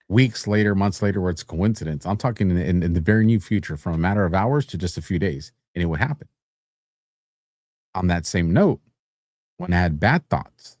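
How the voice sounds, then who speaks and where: Deep-voiced man host, dry close sound. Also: a little mellow, no room sound. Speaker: podcast host. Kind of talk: casual interview conversation.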